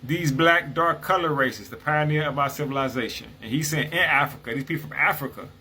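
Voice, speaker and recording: A man's voice: on the high side, brisk, sharp tone, a little hiss or hum, rough recording. A man reading passages from an old book and explaining them in a casual, conversational way, often checking in with "right?". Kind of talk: casual explanatory talk with read-aloud quotes.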